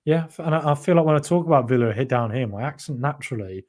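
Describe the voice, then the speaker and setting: Chatty English podcast host, mildly Brummie. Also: male voice, mid-range voice, expressive, quick pace, darkish tone. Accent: mild Birmingham (Brummie). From England. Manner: chatty, many ums and restarts. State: voice going late at night. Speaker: podcast host reading live chat. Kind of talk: casual live-stream chat.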